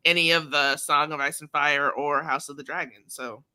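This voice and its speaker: Bright, clear-voiced female podcast co-host, dry close recording. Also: deep voice, steady tone, normal speed, no room sound. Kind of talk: casual podcast chat.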